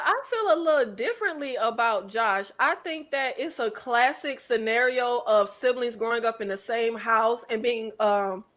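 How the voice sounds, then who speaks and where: Woman guest, high-pitched, easygoing and opinionated, laughs along. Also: a bit bright. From Southern United States. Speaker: guest co-host. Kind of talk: casual podcast chat.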